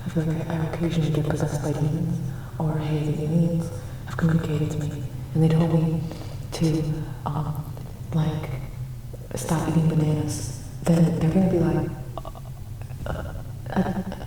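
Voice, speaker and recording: A woman's voice: sits low, level tone, moderate pace, long pauses, mellow, recorded from a distance, slight background noise, natural voice. A woman doing a spacey 1960s hippie guy. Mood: mellow. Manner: rambling, drawling, spacey. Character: laid-back groovy 1960s hippie man. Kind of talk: ASMR role-play. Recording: echoey room, off mic.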